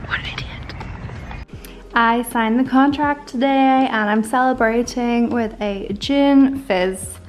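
A woman's voice: on the high side, slow pace, few pauses, soft background music, poor audio. Bubbly chatty young woman vlogger. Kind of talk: casual vlog chat to camera.

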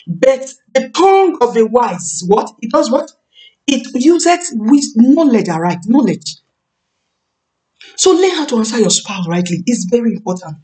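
A woman in her thirties preaching a sermon on marriage, emphatic, repeating key phrases and slowing down to stress words. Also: fairly high pitch, darkish tone. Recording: voice a bit far from the mic.

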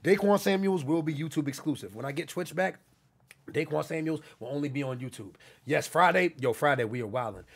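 A young man talking fast on a casual livestream, his fairly high voice gravelly and a bit husky. He is hyped and profane, leaning on the same catchphrases again and again. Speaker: livestream host.

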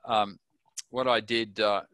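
Man, older, Australian accent, anecdotal, chuckling, bright tone, dry recording. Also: lowish voice, level tone, takes it slowly, no echo. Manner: chatty anecdotal, laughing at his own stories. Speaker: interview guest. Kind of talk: casual storytelling interview.

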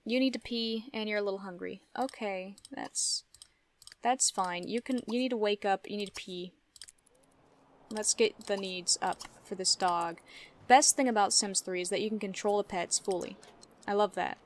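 A woman's voice: medium pitch, normal speed. A young woman giving casual gameplay commentary, chatting to her game characters and laughing often. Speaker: let's play gamer.

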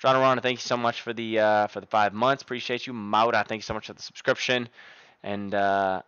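A man's voice: on the low side, fairly even intonation, fairly quick, fairly bright tone, clean tone, no echo, dull audio. A young man live-streaming from his desk at home, chatting casually and profanely into a desk microphone and rattling off thanks to viewers by name.

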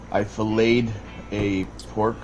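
A man's voice: lowish voice, vocal fry, highs cut off. A man chatting casually with a friend while gaming, sounding tired and laid-back.

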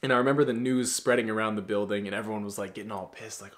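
A young man in his twenties lectures in a blunt, preachy way, full of casual slang. His voice sits a little low as he coaches other men on how to carry themselves. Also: steady tone, fast talker, few pauses. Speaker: masculinity coach. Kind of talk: casual motivational monologue.

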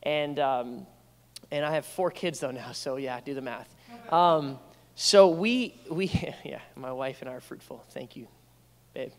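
Young pastor preaching in a reverberant hall. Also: male voice, medium pitch, measured pace. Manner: conversational storytelling with playful asides. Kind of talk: sermon. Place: church sanctuary.

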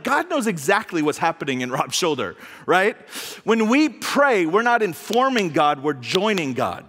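Male pastor, high lively voice, chatty joking sermon, long hall reverb. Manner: conversational, animated, voices God humorously. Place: church hall.

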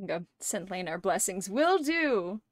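Woman streamer, excitable fan chat, unhurried pace, dry close sound. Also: mid-range voice, no echo. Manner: excitable fan gushing, swears and laughs often. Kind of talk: casual livestream chat.

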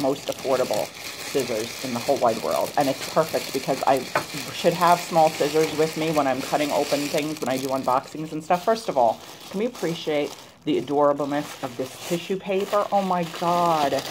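A chatty woman vlogger shows off her haul, gushing over every cute little find. Her voice sits low for a woman, and a faint hiss runs under the recording. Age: adult, grown woman. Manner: gushing, chatty, excited about cute things. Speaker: YouTuber showing a shopping haul. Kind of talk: casual chat to camera.

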